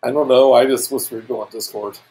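Mid-pitched man playing a tabletop game. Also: steady tone, fast talker, warm tone, faint music behind, low-quality recording. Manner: stammers on restarts, narrates his character's actions. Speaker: player. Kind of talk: casual tabletop play. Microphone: online voice call.

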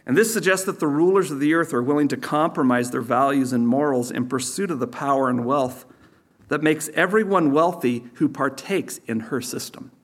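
A man's voice: mid-range voice, moderate pace. A man preaching a sermon as pastor, teaching in a conversational way with sarcastic asides.

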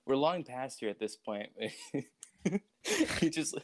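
A man's voice: medium pitch, expressive, slow, no echo. A teenage boy in casual podcast chat, telling a rambling story and laughing through it. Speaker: podcast co-host.

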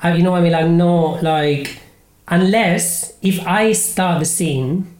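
A man's voice: sits high, unhurried, darkish tone. Spanish accent guy hosting a podcast, rambles lots with ums and restarts, echoey room. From Spain. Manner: rambling, many fillers and restarts. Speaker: podcast host and improv comedian. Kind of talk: casual podcast chat.

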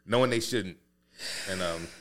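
A man's voice: deep voice, moderate pace, crowd noise. A man co-hosting a casual podcast, telling loose, profane stories. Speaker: podcast co-host. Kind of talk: casual chat.

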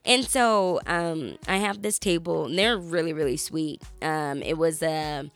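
Lively lower-voiced woman telling a story. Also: measured pace, soft background music. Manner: animated storyteller, acts out quotes. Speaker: podcast co-host. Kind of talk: casual storytelling chat.

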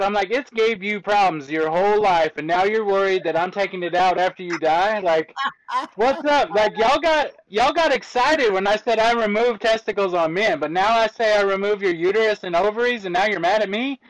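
A man's voice: high-pitched, normal speed, rough recording. A man working as an autopsy technician, casually explaining his work and acting out back-and-forths with commenters. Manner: lively storyteller acting out exchanges with commenters.

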